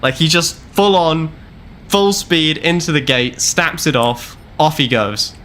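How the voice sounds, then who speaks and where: A man's voice: fairly high pitch, unhurried, a bit bright. A young man streaming a game, casually telling a long rambling travel story with wry repeats. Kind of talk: casual storytelling while gaming.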